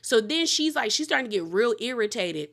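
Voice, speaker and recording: Woman, fairly high voice, casual recap host, blunt and gossipy, acts out quotes. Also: sing-song, fairly quick, a bit bright.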